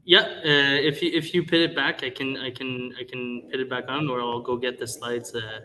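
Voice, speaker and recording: Halting male moderator, bright voice. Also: medium pitch, steady tone, a little hiss or hum, poor audio. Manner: halting, stumbles over names. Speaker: panel moderator. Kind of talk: live event hosting. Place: conference hall.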